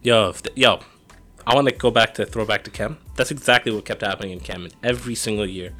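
A young man co-hosting a podcast, chatting casually in slangy, excitable talk and laughing often. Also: fairly low pitch, fast talker, soft background music. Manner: animated, slangy, laughs a lot. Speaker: podcast co-host. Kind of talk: casual chat.

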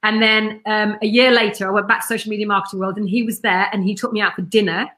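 A woman's voice: medium pitch, level tone, quick pace, a bit bright. A woman who runs a marketing business, chatting in an interview in a blunt, enthusiastic, very talkative way. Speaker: marketing business owner, podcast guest. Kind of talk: casual interview chat.

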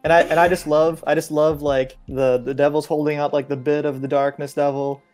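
A young man co-hosting a casual podcast, excitable and stumbling over his words. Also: fairly high pitch, fairly quick. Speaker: podcast co-host. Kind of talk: casual chat about manga.

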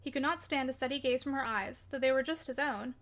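A woman narrating a classic novel in a measured, expressive way. Her voice is high and bright, with a crisp, forward ring. She reads long sentences clearly and evenly. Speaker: audiobook reader.

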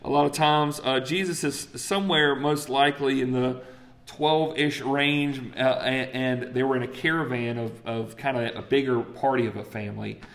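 A man's voice: medium pitch, moderate pace. A man preaching a sermon in a casual, conversational way, acting out voices and checking in with the congregation. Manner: conversational and animated, acts out voices, asks the crowd "right?". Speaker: pastor.

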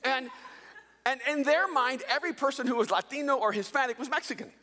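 A man from El Salvador preaching a sermon as a pastor, telling funny stories in an animated way. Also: very high-pitched, a little fast, in a large hall. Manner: animated storytelling with jokes.

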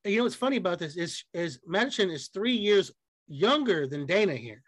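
A man co-hosting a podcast, telling profane, animated stories in casual chat and acting out the people he quotes. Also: high-pitched, fairly quick, no echo. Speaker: podcast co-host.

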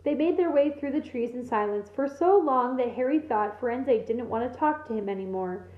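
A woman teacher reading a novel aloud to her class with steady, expressive storytelling. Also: on the high side, moderate pace, reverberant, dull audio.

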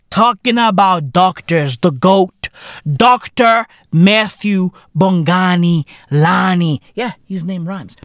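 A South African man rants on his podcast at an unhurried pace, his pitch leaping wildly from high shouts to low grumbles. He swears in nearly every sentence. The recording is dry and close, with no room sound. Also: no room sound. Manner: profane, swings from shouting to low muttering. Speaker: podcast host. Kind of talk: comedic podcast rant.

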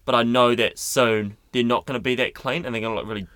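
A man's voice: mid-range voice, fairly even intonation, quick pace, a bit bright, smooth, dry recording. A young man co-hosting a podcast from a studio, chatting casually with playful, teasing banter. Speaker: podcast co-host. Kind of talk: casual chat. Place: recording studio.

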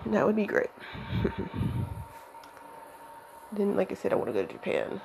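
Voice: mid-range voice, very animated, normal speed, vocal fry, a little mellow, a little hiss or hum, poor audio. A young adult rambling hesitantly in a casual monologue to camera, with a voice cracking from allergies.

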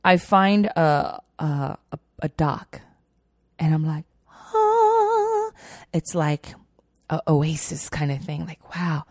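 A young woman telling a personal story in a chatty, animated way, full of fillers. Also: low voice, unhurried, breathy edge, no room sound, studio quality. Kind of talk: casual storytelling.

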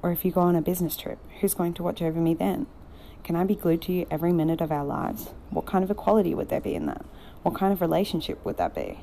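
Brief: troubled young woman, pleading and earnest, dark husky tone, voiced by a female reader. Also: on the low side, expressive, slight background noise. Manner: earnest, pleading, quickening when upset.

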